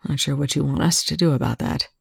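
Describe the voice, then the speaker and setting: A tired, blunt military commander, voiced by a reader, speaking low and weary. His hushed lines sit dry and close. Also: fast talker, vocal fry, slightly rough, dry recording, full character voice. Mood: tense.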